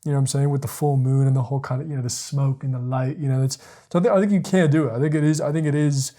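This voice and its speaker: A man hosting a podcast, thinking out loud in a rambling casual monologue, repeating words and using lots of fillers. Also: mid-range voice, fairly even intonation, rapid-fire. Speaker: podcast host. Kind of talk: casual monologue, reading quotes aloud.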